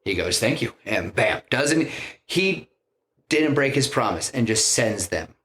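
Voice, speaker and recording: A man's voice: medium pitch, big pitch swings, slow pace, fairly bright tone, slight background noise. A man casually retelling a film plot on a podcast, rambling with many fillers and restarts. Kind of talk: casual chat, retelling a story.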